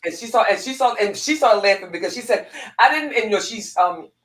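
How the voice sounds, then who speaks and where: Animated woman telling a story in an echoey room. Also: mid-range voice, fast talker. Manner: animated, heartfelt, many restarts and repeats. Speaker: guest speaker, former police corporal. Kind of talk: emotional personal storytelling.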